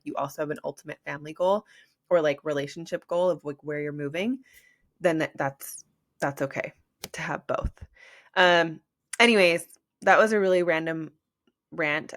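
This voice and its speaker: A woman's voice: sits low, dry recording, studio quality. A woman hosting a solo podcast, talking in a rambling, conversational way, filling gaps with "like" and giving encouragement. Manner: rambling, conversational, heavy use of "like"; encouraging, motivational. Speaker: podcast host, business coach. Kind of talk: casual solo podcast monologue.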